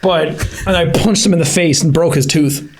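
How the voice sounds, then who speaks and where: An Irish man in his thirties chats on a podcast in a fairly high voice. He tells stories in an animated way, laughing and swearing as he goes. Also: normal speed, slight background noise. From Ireland. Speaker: podcast co-host. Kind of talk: casual chat.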